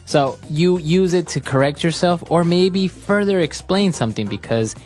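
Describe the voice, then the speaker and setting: A woman's voice: on the low side, animated, moderate pace, darkish tone, faint music behind. A woman hosting an English lesson podcast, explaining phrases steadily with frequent agreeing fillers. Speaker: English teacher and podcast host.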